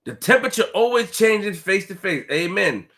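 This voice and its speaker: A young man rants to his live-stream audience with a bright, high-pitched voice. He keeps repeating himself and drops into street slang. He moves from low mutters to loud bursts. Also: moderate pace. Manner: animated, repetitive, street slang, swings from quiet to loud. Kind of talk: casual live-stream rant.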